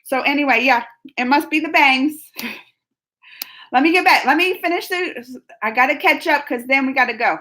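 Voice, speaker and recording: A high-voiced woman hosting a relaxed live chat, reading out viewer comments. She talks in an animated, playful way and breaks into laughter often. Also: normal speed, long pauses. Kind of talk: casual live-chat vlog.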